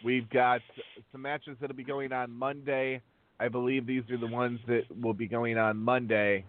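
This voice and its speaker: A man's voice: medium pitch, flat delivery. A man co-hosting a podcast in casual chat, stumbling through a list of names with lots of fillers. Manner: halting, many fillers while reading names. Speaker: podcast co-host. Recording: tinny phone-line sound.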